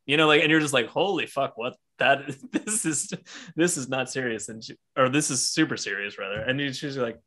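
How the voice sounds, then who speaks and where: Excitable bright-toned guy, podcast co-host, acts out quotes and swears freely. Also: medium pitch, a little fast. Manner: excited, heavy swearing, acts out characters' lines. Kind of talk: casual comic book discussion.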